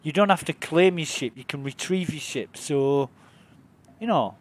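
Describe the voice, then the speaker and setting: A man's voice: on the high side, normal speed. A man streaming a video game, rambling casually about what he sees and swearing now and then. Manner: laid-back, rambling, swears freely. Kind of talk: casual gaming commentary.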